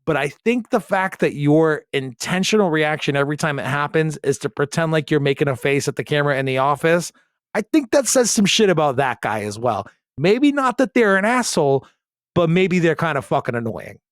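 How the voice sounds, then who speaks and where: A man's voice: on the high side, animated, brisk, no room sound, studio quality. A man hosting a podcast in casual comedic chat, reading a post aloud with sarcastic, profane asides. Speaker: podcast host.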